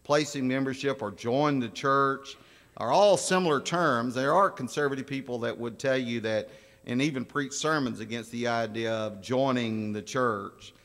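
Folksy preacher in a reverberant church. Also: male voice, medium pitch, moderate pace, a bit bright. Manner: folksy storytelling, asks the congregation questions. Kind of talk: sermon. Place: church sanctuary. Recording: long church hall reverb.

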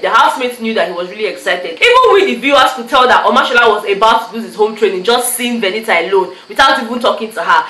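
A young Nigerian woman talks at a quick clip, her Nigerian-accented voice high and sharply bright as she gossips through a reality-show recap, dropping pidgin asides. The sound bounces around an echoey room. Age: young adult. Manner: chatty, animated storytelling with pidgin asides. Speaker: YouTuber.

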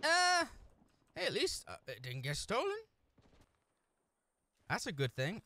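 With a high, pushed, bright voice and huge pitch swings, a man commentates his shooter gameplay live, talking slowly with long pauses. He curses constantly, taunts other players, and throws in jokes between frustrated outbursts. He's on a desk mic with a camera, no headphones.

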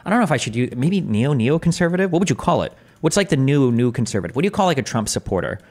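A man's voice: mid-range voice, big pitch swings, racing, a little mellow. A man hosting a livestream in casual debate chat. He is restless, hedging and full of questions. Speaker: streamer host.

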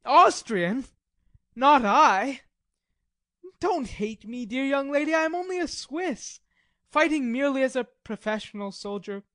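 A woman's voice: sits high, lively intonation, measured pace, fairly bright tone, no room sound. A woman reading the part of a weary, hungry male Swiss mercenary soldier in an audiobook drama, nervy, wry and polite.

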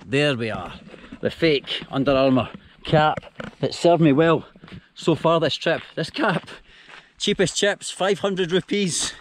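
Young Scottish man, self-mocking travel vlogger, chatty to a handheld camera outdoors, light noise. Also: fairly high pitch. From Scotland. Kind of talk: casual vlog to camera. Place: outdoors, countryside by rail tracks. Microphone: handheld action camera.

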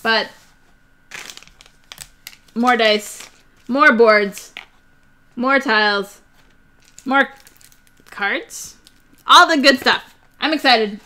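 A young woman chatting casually and excitably about board games on her live stream, rambling with fillers. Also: on the high side, drawn-out words, long pauses.

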